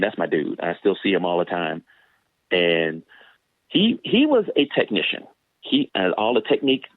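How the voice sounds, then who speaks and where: A man's voice: no echo, narrow, tinny audio. A former sprinter telling stories casually in an interview, acting out the people he quotes. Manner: animated, acts out quoted voices with big pitch jumps.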